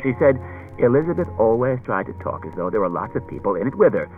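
A talkative, fretful wife who wanders all around her story, her voice lifted high and swinging up and down, as a male reader puts her on. The recording is dull and lo-fi, with faint music behind. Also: sing-song, quick pace, close to an everyday voice. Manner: rambling, circuitous storytelling. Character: chatty anxious wife, adult woman.

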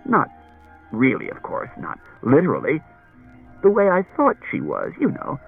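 A talkative, fretful wife who wanders all around her story, her voice lifted high and swinging up and down, as a male reader puts her on. The recording is dull and lo-fi, with faint music behind. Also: huge pitch swings, a little slow, creaky, full character voice. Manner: rambling, circuitous storytelling. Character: chatty anxious wife, adult woman.

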